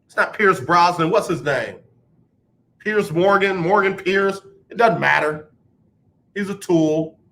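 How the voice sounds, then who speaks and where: A man's voice: sits high, slow pace, pushed and bright. A man hosting a sports talk radio show, ranting emphatically about athletes and the media and taking callers. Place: radio studio.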